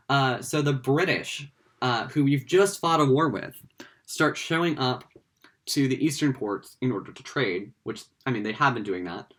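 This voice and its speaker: A man's voice: medium pitch, a bit bright. A man giving a casual history lecture, conversational and playful, with frequent fillers and asides.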